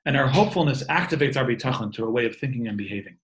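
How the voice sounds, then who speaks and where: A man's voice: mid-range voice, animated, very fast, slight background noise, poor audio. Earnest man in his thirties teaching. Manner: earnest, repeats and restarts words. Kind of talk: informal talk on faith and wellbeing. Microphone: video call.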